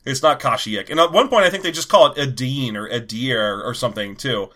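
Bright-voiced man riffing on a film. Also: mid-range voice, a little fast. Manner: riffing, recapping scenes with mock voices. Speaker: podcast co-host. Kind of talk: casual chat reviewing a film.

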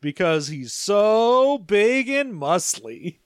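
A man co-hosting a casual chat, joking through a story recap and dropping into gruff character voices. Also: sits high, big pitch swings, drawn-out words, no echo, studio quality. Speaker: podcast co-host.

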